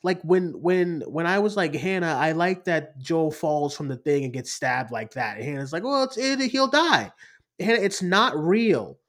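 A man's voice: on the high side, expressive, moderate pace, hardly any pauses. A man hosting a casual chat show, riffing and laughing as he talks. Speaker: podcast host.

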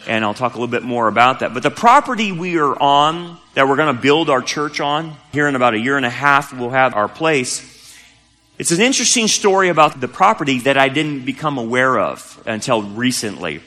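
A man's voice: medium pitch, animated, fairly quick, bright, forceful tone. A man preaching a sermon as pastor, telling a story in a casual, conversational way with emphatic rises. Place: church sanctuary. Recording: church hall with long reverb.

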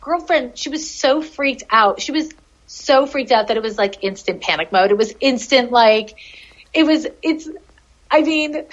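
Chatty woman guest, rambling and profane with frequent laughs; slightly high voice, muffled lo-fi audio. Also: animated, a little slow. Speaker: podcast guest, animal communicator. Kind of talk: casual storytelling. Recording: dull lo-fi audio.

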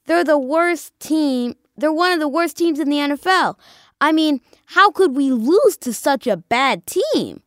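A woman co-hosting a casual sports chat, animated and dramatic as she talks through the week's games. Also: high voice, a little slow, no room sound, clean studio sound. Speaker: sports podcast co-host.

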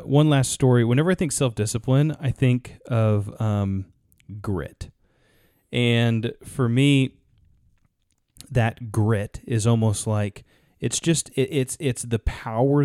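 With a warm, medium-pitched voice and clean studio sound free of echo, this podcast co-host wanders through a story, frequently starting his sentences over in relaxed conversation.

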